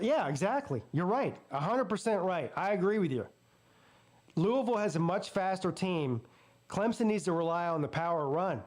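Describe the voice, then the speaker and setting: Male host with a Southern accent, high voice, live game reaction, excitable play-by-play. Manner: excitable play-by-play, jumps up in pitch on big plays. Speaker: sports streamer host. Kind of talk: live watch-party commentary.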